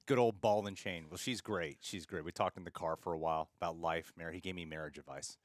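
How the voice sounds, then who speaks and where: A man hosting a live stream in casual chat, excitable and playful, laughing often. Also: deep voice, quick pace, no room sound. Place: Los Angeles.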